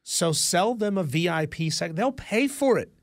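A man's voice: high-pitched, expressive, normal speed, no echo. A man co-hosting a sports talk radio show in a studio, opinionated and teasing. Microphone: studio microphone.

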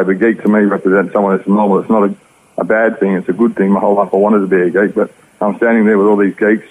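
An Australian man tells his story at a quick clip, earnest and rambling. His voice sits low and sounds husky. The audio is tinny and narrow, like a phone line on the radio. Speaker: interview guest. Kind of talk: personal testimony.

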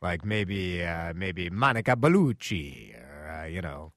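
Male radio host, animated delivery, close dry mic; chatty, laughs easily. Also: low-pitched, unhurried, no echo. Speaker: radio talk show host. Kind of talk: casual radio talk.

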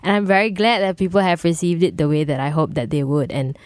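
Young woman, bit raspy, singer chatting on radio, dry close mic, quick soft talk. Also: deep voice, dry recording. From Singapore. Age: young adult. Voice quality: slightly raspy morning voice. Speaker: singer-songwriter guest. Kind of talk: casual radio interview chat.

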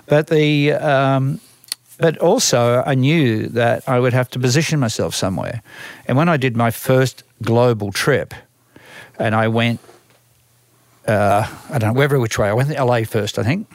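A man's voice: mid-range voice, normal speed, no room sound. An older man with an Australian accent, a music manager telling long stories in an interview, with many restarts and repeated words. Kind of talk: storytelling interview.

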